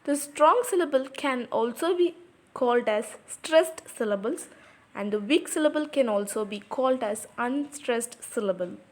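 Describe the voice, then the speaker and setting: A woman's voice: a little high, lively intonation, moderate pace. A woman teaching a lesson on poetry, explaining patiently and repeating example words aloud, in English with non-native grammar.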